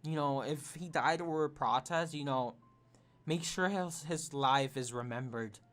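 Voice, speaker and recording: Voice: medium pitch, a little slow, fairly bright tone. A streamer talks straight to a live chat, earnest and close to tears. The speech rambles, full of fillers, restarts and loose phrasing.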